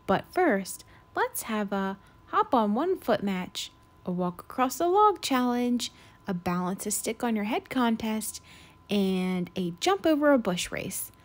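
A woman voicing a boastful, bossy young female duck in a storybook read-aloud, loud and bragging. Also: fairly high pitch, big pitch swings, a little slow.

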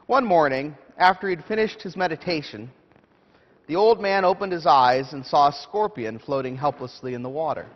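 A pastor delivering a sermon, telling a story in a measured, prayerful way. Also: male voice, on the high side. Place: church sanctuary. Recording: dull echoey church hall.

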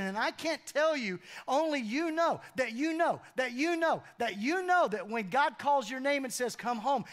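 A man's voice: very high-pitched, a bit bright. A middle-aged man preaching a sermon in a church, conversational and humorous, often repeating phrases for emphasis. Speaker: pastor. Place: church auditorium.

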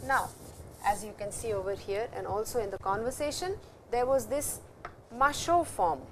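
Woman teaching, slow example sentences. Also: on the high side, a bit bright, a little hiss or hum. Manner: explanatory, repeats example sentences slowly. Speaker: language teacher. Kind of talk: classroom lecture.

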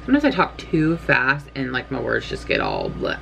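A woman's voice: low voice, wildly swooping pitch, normal speed, creaky, few pauses, a bit bright, a little hiss or hum. A young woman chatting casually to camera in her bedroom, rambling and poking fun at herself. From California. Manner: rambling, chatty, self-deprecating. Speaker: writing vlogger. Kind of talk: casual vlog chat. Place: bedroom at home, in doors.

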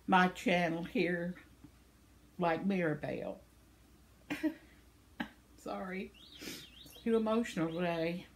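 With a fairly low, fry-tinged voice, this older channel host casually works through viewer comments. She's warm and talkative, laughs a lot, and stumbles on people's names.

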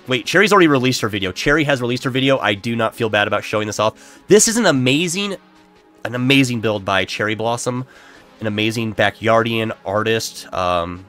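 A man's voice: fairly low pitch, a bit bright. A man live-streaming a video game, nasal and congested from allergies, chatting casually with his viewers in a self-deprecating way while he plays. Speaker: Minecraft streamer. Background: lo-fi background music.

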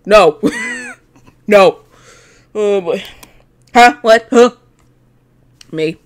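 Young woman, twenties, mid-pitched, playful and sassy game commentary, swears a lot, mutters asides. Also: wildly swooping pitch, takes it slowly, pauses often. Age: 20s. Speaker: gaming video host. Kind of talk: casual let's-play commentary.

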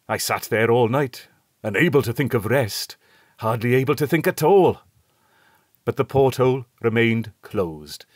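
A man narrates a first-person horror story in a measured, suspenseful way. His voice sits low. The recording is close and dry, with no room sound. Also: no room sound. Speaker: audiobook narrator.

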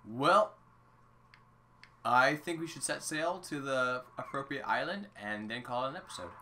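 A man's voice: medium pitch, expressive, measured pace, bright, forceful tone. Playful man hosting a game video. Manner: playful, joking. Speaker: host. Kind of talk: casual let's-play chat.

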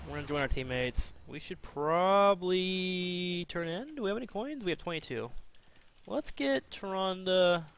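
A man giving casual, self-mocking commentary while playing a video game, chatty and jumping between excited outbursts and low mumbles.

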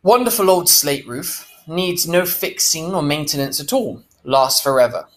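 A man's voice: on the high side, animated, unhurried, fairly bright tone. A man playing a gushing, fake-sweet saleswoman. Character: gushing salesy adult woman real estate agent.

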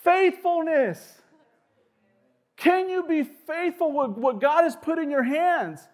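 A young male pastor preaching a sermon in a casual, animated way, with lots of "like" fillers and quick asides. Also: extremely high pitch.

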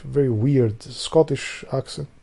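An Albanian vlogger, Albanian being his first language, takes it slowly in a mellow, medium-pitched voice that's gravelly and slightly rough. His casual monologue rambles, with swearing and restarted sentences whenever he loses his thread.

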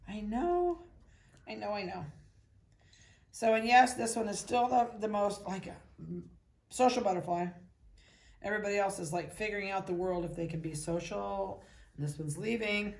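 A dog breeder with a Midwestern American accent chatting casually indoors, cooing baby talk at puppies and voicing their thoughts. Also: female voice, medium pitch, steady tone, moderate pace, vocal fry, long pauses. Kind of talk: casual chat to puppies and camera. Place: indoors at a kennel.

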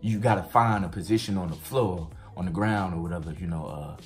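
Laid-back young army recruit, put on by a man, low and quiet, mumbled delivery. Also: fairly quick, soft background music, lightly acted.

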